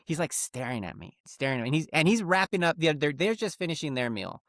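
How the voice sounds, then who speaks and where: A man's voice: on the high side, quick pace. A middle-aged man co-hosting a podcast, telling a story in a rambling casual way with lots of restarts. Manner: rambling, full of "like" and restarts, animated retelling. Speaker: podcast co-host.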